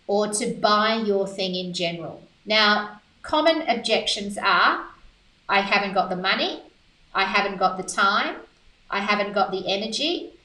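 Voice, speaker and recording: Bright, upbeat woman. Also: medium pitch. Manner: upbeat and conversational, punchy asides. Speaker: business coach. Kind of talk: instructional talk to camera. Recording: roomy echo, mic held at a distance.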